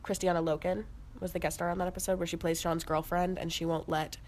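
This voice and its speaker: Young female co-host, lowish, chatty, laughs easily. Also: level tone, fast talker, darkish tone. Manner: chatty, laughs often, finishes the other's sentences. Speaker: podcast co-host. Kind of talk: casual chat recapping episodes.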